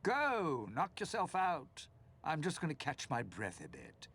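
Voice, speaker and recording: A man's voice: huge pitch swings, unhurried, a bit bright, heavily acted. An actor voicing a bitter, scheming older man in a video game, speaking in a menacing drawl. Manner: low gravelly menacing drawl.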